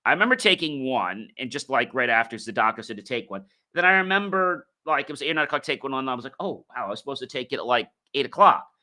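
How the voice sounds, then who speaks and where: Male podcast host, mid pitch, bright tone, loose storytelling delivery. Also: animated, fast talker, few pauses. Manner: rambling, many fillers and restarts. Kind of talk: casual storytelling monologue.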